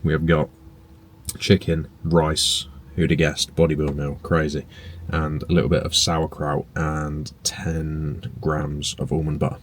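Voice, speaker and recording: A young man chatting casually to camera in a relaxed, rambling way, with fillers and some swearing. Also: rumbling low, a little slow, a little hiss or hum. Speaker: bodybuilding vlogger and personal trainer. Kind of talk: casual vlog chat to camera. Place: indoors at home and in a parked car.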